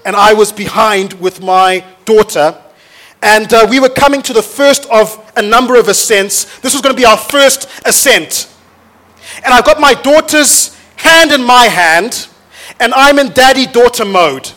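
A man, a pastor preaching a sermon to his church with energetic storytelling that rises into loud exhortation. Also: very high-pitched, measured pace. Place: church auditorium.

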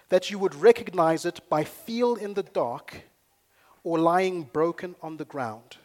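Energetic preaching man, rather high voice. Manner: energetic, storytelling, rising to loud emphasis. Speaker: pastor. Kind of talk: sermon. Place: church in Nairobi.

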